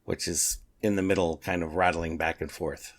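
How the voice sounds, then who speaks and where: A man's voice: deep voice, steady tone, normal speed. A man co-hosting a casual comic book podcast, appreciatively describing the page layouts. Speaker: podcast co-host.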